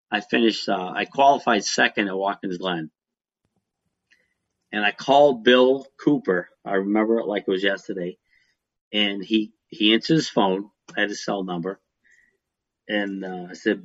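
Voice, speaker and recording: A middle-aged former racing driver telling rambling, folksy stories in a casual interview, laughing now and then. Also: male voice, lowish voice, a bit bright. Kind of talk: casual storytelling. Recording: dull lo-fi sound.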